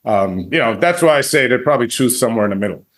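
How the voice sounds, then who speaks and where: A man co-hosting a podcast, weighing his opinion thoughtfully with many restarts and pauses. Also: medium pitch, expressive, a bit bright. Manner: thoughtful, halting with restarts and fillers. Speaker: podcast co-host. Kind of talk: casual discussion.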